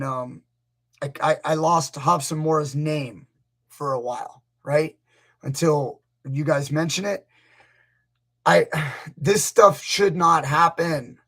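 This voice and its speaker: Man, grappling coach, casual live chat, rambling storyteller, husky. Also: fairly high pitch, fairly bright tone. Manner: rambling, storytelling, acts out quotes. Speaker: grappling coach, channel host.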